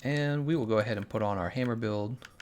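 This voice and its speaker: A man's voice: fairly low pitch, a little fast, a little mellow. A young man streaming a game, chatting casually and sarcastically, reading viewer messages aloud. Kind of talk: casual gameplay commentary.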